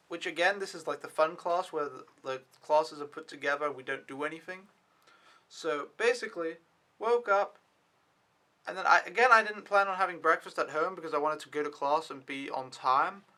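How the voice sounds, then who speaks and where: A young man talks through his week in a loose, rambling vlog style and swears now and then. His voice sits a little high and sounds bright. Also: normal speed. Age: young adult. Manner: rambling, casual, swears when annoyed. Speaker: au pair vlogger. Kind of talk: casual vlog recap.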